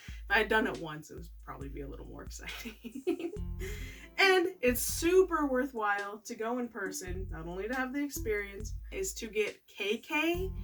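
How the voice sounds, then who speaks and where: A woman's voice: medium pitch, fairly bright tone, distant mic. A woman chatting casually as she reviews toys, laughing often between her remarks. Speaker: toy reviewer. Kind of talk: casual product review vlog.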